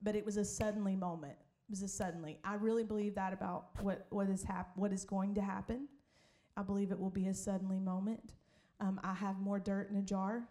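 A woman pastor tells a story from the pulpit. She is lively and quick to laugh, and her voice stays at a middle pitch. She slips into other people's voices as she goes. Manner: animated, laughing, acts out voices in stories. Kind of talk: sermon storytelling.

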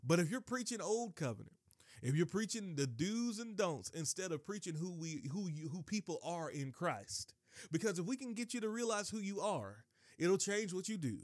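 A man preaching on his podcast, animated, digressing and breaking into high excited exclamations. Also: moderate pace, dry recording, clean studio sound. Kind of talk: sermon.

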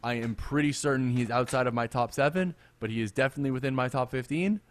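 A man co-hosting a casual sports podcast, animated and quick to laugh, often repeating himself. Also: medium pitch, no echo. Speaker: podcast co-host.

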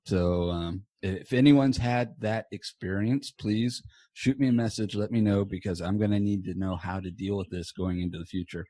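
A man hosts a podcast from a small home office, rambling in a loose, casual way and dropping the odd swear word. His voice sits a little low. The sound is dry and close, with no room echo. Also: normal speed, dark tone. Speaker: podcast host. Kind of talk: casual chat. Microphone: earbuds.

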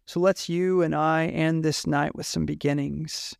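A man reading as a warm, kind Australian bloke. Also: a little high, steady tone, unhurried, vocal fry, no room sound, clean studio sound. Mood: tender. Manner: tender, reassuring. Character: warm, kindly Australian man, gentle and affectionate.

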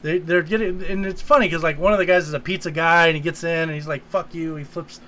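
A man's voice: on the high side, steady tone, fast talker, pushed and bright. A man chatting casually, retelling a comedy film scene by scene and quoting lines in put-on voices. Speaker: podcast co-host. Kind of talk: casual movie recap chat.

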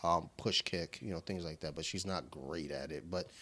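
A low-pitched man with a bright, forward tone, chatting loosely on a podcast over beers. He swears often and drifts into his young daughter's lines when he tells stories. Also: moderate pace. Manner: laid-back, swears freely, quotes his daughter in voices. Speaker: podcast co-host. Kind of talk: casual chat over beer.

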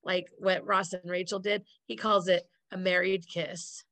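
A woman's voice: lowish voice, level tone, measured pace, fairly bright tone, no echo. Woman co-host laughing a lot, rambly recap of a tv episode, dry close sound. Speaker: podcast co-host. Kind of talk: casual chat recapping a sitcom episode.

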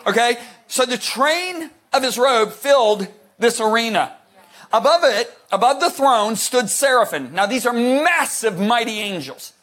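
High-pitched guy preaching, gets loud and jokey, lots of restarts. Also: unhurried. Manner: animated, shouts for emphasis; rambling with restarts, jokey asides. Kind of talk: sermon.

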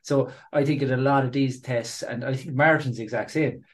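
A man hosts a podcast interview in an easy, chatty way. He uses lots of casual fillers. His pitch sits in the ordinary middle range. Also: fairly quick. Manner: relaxed, chatty, filler-heavy. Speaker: podcast host.

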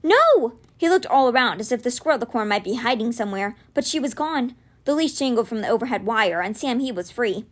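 A woman's voice: quick pace, few pauses. A woman reading a children's fantasy novel aloud, narrating expressively. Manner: expressive, voices dialogue with raised pitch. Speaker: reader.

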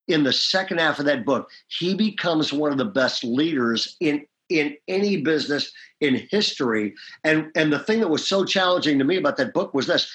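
Brief: male pastor, slightly high voice, emphatic, drives points home with "okay?". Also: a bit bright. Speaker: pastor and leader. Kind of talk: leadership interview.

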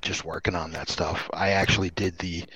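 A man's voice: low-pitched, little pitch movement, normal speed, bright, forceful tone, husky, no room sound. A man with a Rhode Island accent, chatting easygoing as a guest on a casual podcast.

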